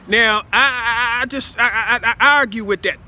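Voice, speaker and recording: Stammering high-voiced man, rambling outdoors. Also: sharp tone. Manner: halting, full of stammered repeats and "see?". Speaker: self-styled speaker addressing listeners. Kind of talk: rambling improvised monologue.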